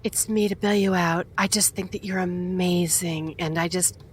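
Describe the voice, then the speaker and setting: A woman's voice: fairly low pitch, steady tone, moderate pace, slight background noise. A woman playing an apologetic, gushing mother in an improvised comedy scene. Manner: apologetic, gushing, over-the-top.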